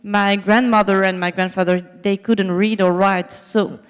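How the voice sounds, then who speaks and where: A woman's voice: medium pitch, steady tone, measured pace, smooth, big-room sound. Woman author on a stage. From Morocco. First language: French. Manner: anecdotal, frequent hesitations, wry humor. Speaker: guest author. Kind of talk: onstage interview. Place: large festival hall on stage.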